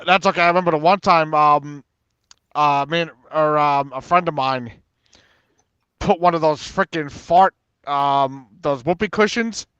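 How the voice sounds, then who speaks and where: A man's voice: fairly high pitch, measured pace, fairly bright tone, smooth, no echo, dull audio. A man on an open talk panel, telling a school story in casual chat, rambling and full of fillers. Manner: rambling, filler-heavy storytelling, lots of "and everything".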